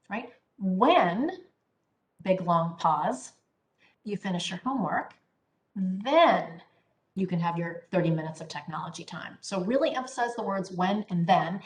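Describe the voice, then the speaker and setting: A woman presents a parenting talk at a mid pitch, leaning hard on key words and tagging points with "right?". Her voice rings out in an echoey room. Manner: emphatic, keeps asking "right?". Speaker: parenting educator. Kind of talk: instructional presentation.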